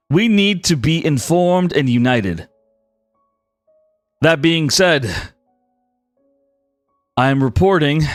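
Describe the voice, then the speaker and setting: A man voicing a stern male president, speaking in a measured, commanding way. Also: fairly high pitch, no echo.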